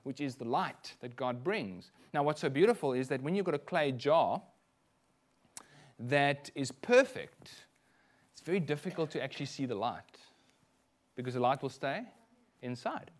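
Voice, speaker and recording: A middle-aged man from South Africa with a South African accent, preaching a sermon as a minister and telling lively personal stories with frequent asides. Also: medium pitch, moderate pace, pauses often.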